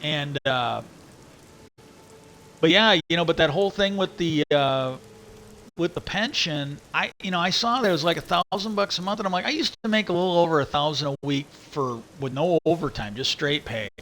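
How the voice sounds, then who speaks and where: Guy with a high bright voice ranting and swearing on a stream, keeps restarting, rain faintly behind. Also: animated, moderate pace, a little hiss or hum, rough recording. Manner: angry, profane, rambling with many restarts. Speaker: livestream host. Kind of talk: casual ranting monologue.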